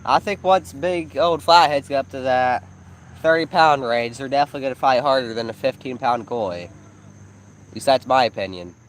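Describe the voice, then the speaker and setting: A man's voice: mid-range voice, normal speed, low-quality recording. A man chatting casually on a live night fishing stream outdoors by a pond, telling fishing stories and asking viewers to choose the bait. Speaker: fishing channel co-host.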